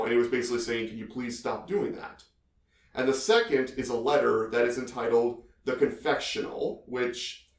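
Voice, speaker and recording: Male podcast co-host, rambling, lots of "you know", roomy echo. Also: mid-range voice. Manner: rambling, heavy on filler phrases. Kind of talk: casual podcast chat.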